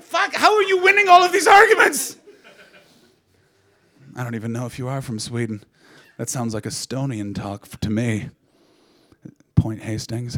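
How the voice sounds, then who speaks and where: A Canadian man in his thirties telling a stand-up comedy story and bantering with the audience, swinging from loud outbursts to low asides. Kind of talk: stand-up comedy with crowd work.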